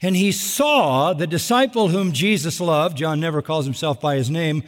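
A middle-aged man preaching a sermon, animated, with sarcastic asides and acted-out quotes. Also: on the high side, moderate pace. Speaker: pastor. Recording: long hall reverb.

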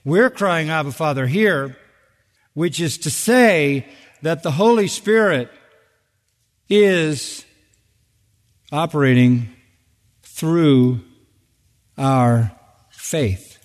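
A man's voice: a little high, lively intonation, very slow, pauses often. An older man preaching a sermon from the pulpit, emphatic and building to urgent peaks on key phrases. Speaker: pastor. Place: large church. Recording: long reverb of a church sanctuary.

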